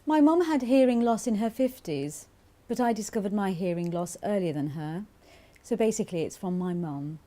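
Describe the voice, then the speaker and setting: Middle-aged mum with mild hearing loss, wry and stubborn, lively and mellow voiced by an actress. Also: female voice, medium pitch, normal speed, a little hiss or hum, lightly acted. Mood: frank. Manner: frank, wry, a bit stubborn. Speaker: actor voicing a mother's testimony. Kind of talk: scripted testimony monologue.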